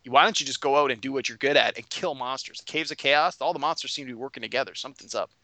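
A grizzled old constable speaks in a flat, businesslike way, as a man voices him while recapping a tabletop game. His voice is forceful and bright. The sound is close and dry. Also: mid-range voice, fast, no echo.

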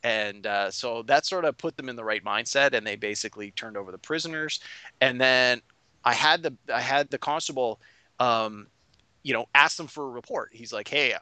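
A man who is a game master, recapping a tabletop session in animated casual chat. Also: medium pitch, moderate pace, clean tone, no room sound.

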